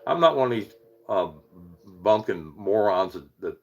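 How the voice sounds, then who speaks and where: Chuckling Virginia hill-accented man, low voice. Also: expressive, a little slow, dull audio, a little hiss or hum. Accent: Appalachian Virginia hill accent. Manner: rambling, chuckling, reads out chat names. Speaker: paranormal livestream host. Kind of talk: casual livestream chat.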